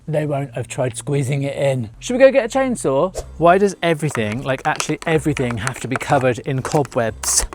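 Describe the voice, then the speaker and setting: A young man hosting a casual home vlog, playful and camp, breaking into sudden squeals of excitement. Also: medium pitch. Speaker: vlog host.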